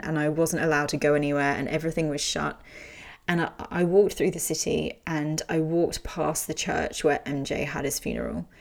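A woman's voice: deep voice, creaky, darkish tone. A young adult woman candidly telling an emotional personal story, speaking frankly and swearing freely.

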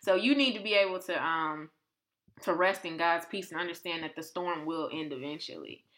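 A woman's voice: on the low side, normal speed. A woman co-hosting a podcast, chatting casually about faith and acting out quotes with lots of energy. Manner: animated, conversational, acts out quotes. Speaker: podcast co-host.

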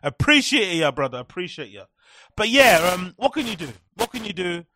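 A man's voice: sits high, big pitch swings, normal speed, pushed and bright, slight background noise. A young man hosting a live stream, ranting sarcastically with lots of swearing and repetition. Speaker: live-stream commentary host. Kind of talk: profane ranting commentary.

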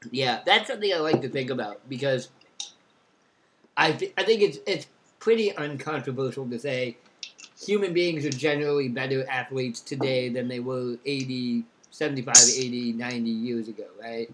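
A man co-hosting a casual sports chat, animated and jokey, talking in quick bursts. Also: medium pitch, a little hiss or hum.

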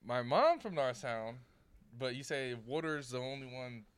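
A man's voice: mid-range voice, normal speed, smooth, no echo. Laid-back slangy young man. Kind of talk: casual podcast chat.

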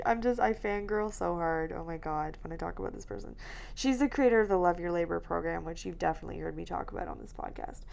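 A woman's voice: mid-range voice, gravelly, darkish tone. A young woman co-hosting a podcast, chatting casually with lots of filler words, tired and yawning from recording late. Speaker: podcast co-host. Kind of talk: casual chat.

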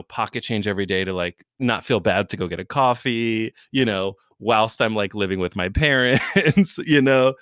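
A man's voice: mid-range voice, clean tone, no room sound, studio quality. Chatty young man from New York. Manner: chatty and animated, many "like" fillers and restarts, laughs often. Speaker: guest, comedic video creator. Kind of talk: casual interview chat.

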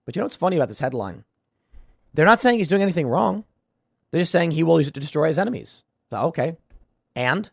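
A man's voice: a little high, big pitch swings, fast talker, vocal fry, pauses often, no echo, clean studio sound. A man hosting a solo political commentary show, sarcastic and combative, firing off rhetorical questions.

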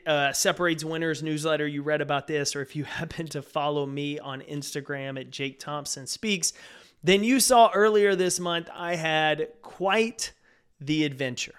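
Smooth-voiced man in his forties. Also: a little high, a bit bright. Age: 40s. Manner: earnest, conversational storytelling. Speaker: podcast host and speaker. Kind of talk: solo podcast storytelling.

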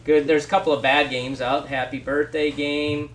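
A middle-aged man hosting a casual family gaming podcast, relaxed and rambling, upbeat when he signs off. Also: a little high, normal speed, slight background noise. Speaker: podcast host.

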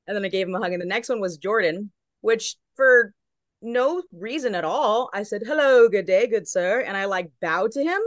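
A woman's voice: mid-range voice, fairly bright tone, dry recording. A woman from Long Beach, California, a guest correspondent who tells a story in casual chat and acts out each quote.

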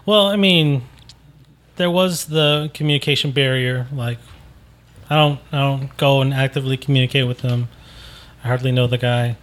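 A man's voice: medium pitch, fairly even intonation, normal speed, a bit bright. A man co-hosting a casual podcast, easygoing and a little hesitant as he talks. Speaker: podcast co-host. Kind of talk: casual chat.

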